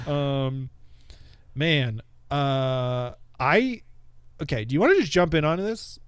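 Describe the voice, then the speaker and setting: A young man co-hosting a casual podcast, excitable, laughing often and swearing a lot. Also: medium pitch, clear, resonant tone, no room sound. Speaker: podcast co-host. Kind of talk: casual chat.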